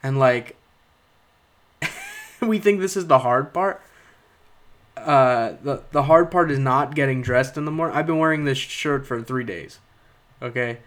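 A man's voice: medium pitch, measured pace, pauses often, a bit bright. A young man, a stand-up comedian, delivering a rambling, sarcastic comic monologue to his podcast listeners. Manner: rambling, sarcastic, with frequent "uh" and "okay?".

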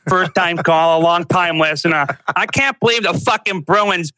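A man's voice: sits high, moderate pace, sharp tone, no room sound, voice pushed up. A man putting on the voice of an angry male sports radio caller ranting profanely. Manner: griping, profane, sing-song rant.

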